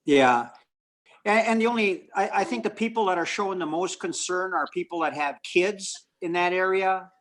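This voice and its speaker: A man, a council member, raising a citizen concern in a halting, polite way full of repeated words. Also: high voice, fairly bright tone. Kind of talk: remote council meeting discussion.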